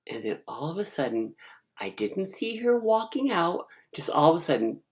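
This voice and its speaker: Very low-voiced woman telling a rambling story. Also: moderate pace. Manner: animated, rambling, digressive. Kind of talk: casual storytelling.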